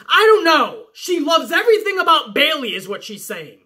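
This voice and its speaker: A woman's voice: high-pitched, sing-song, normal speed, hardly any pauses, sharp tone. A woman reviewing a wrestling show in a sarcastic, exasperated rant full of swearing. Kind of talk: profane recap rant.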